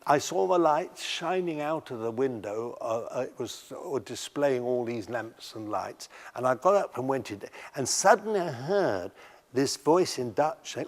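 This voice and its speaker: An older man telling stories from his life in a documentary interview, halting and often restarting his sentences. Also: medium pitch, animated, big-room sound. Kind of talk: recounting memories in a documentary interview.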